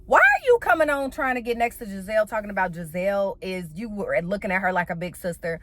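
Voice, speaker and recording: A woman's voice: medium pitch, fast talker. A woman giving a casual, blunt and profane recap of a reality TV episode, full of sassy slang. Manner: animated, with playful slang.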